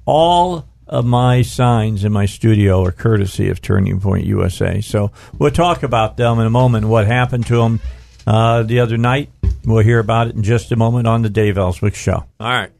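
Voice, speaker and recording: A man's voice: on the low side, normal speed, vocal fry, darkish tone. A middle-aged man hosting a talk radio show from his studio, rambling and restarting his sentences, stretching out words for emphasis.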